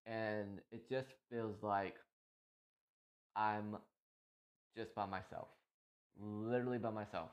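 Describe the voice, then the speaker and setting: A man's voice: fairly low pitch, steady tone, slow pace, pauses often. A man talking about his day as a streamer in a casual, emotional, rambling monologue full of restarts. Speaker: streamer and podcast host.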